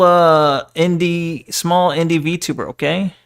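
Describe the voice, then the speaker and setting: Speaking at normal speed in a slightly high, fairly bright voice, this young VTuber streamer keeps a casual chat going as he reads stream chat. He pokes fun at himself, swears, and laughs a lot.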